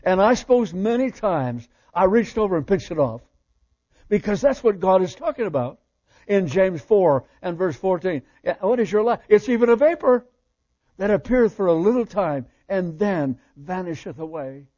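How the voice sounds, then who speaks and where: An older man preaches with fervent, repeated emphasis, his voice high for a man yet dark and mellow. He swings from loud declarations to hushed lines. The recording sounds a little dull and muffled. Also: lively intonation, normal speed. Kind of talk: sermon.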